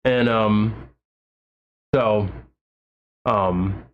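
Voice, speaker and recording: A man's voice: fairly low pitch, steady tone, drawn-out words, lo-fi sound. A man chatting casually on a livestream, rambling with lots of fillers and restarts and gushing with enthusiasm. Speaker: livestream host.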